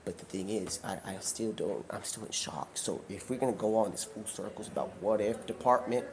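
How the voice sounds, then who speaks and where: A man's voice: fairly low pitch, fairly quick, noisy background. A man hosting a live stream, rambling through a long story and acting out the characters he quotes. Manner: rambling, acts out quoted characters in shifting voices. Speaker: livestream host.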